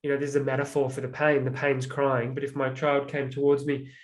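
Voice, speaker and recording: A man's voice: mid-range voice, monotone, fairly quick. A young man, a transformational coach, explaining with many "like" fillers and acted-out examples in an earnest, reflective way. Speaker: transformational coach, podcast guest.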